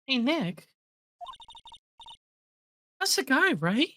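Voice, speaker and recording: A woman's voice: high voice, very animated, extremely slow, pushed and bright, voice pushed up, full character voice. A woman reading a chatty young sidekick.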